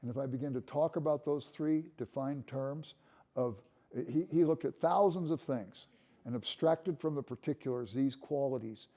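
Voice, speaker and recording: A man's voice: medium pitch, normal speed, warm tone. An older man giving a conversational classroom lecture, musing aloud and repeating words as he restarts.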